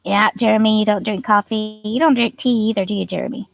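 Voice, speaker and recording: A woman's voice: mid-range voice, fairly even intonation, quick pace, creaky, dry recording, poor audio. A woman hosting a casual livestream, reading out viewer comments with lots of giggling and playful teasing. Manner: giggly, chatty, reads comments aloud and teases viewers. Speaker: livestream host.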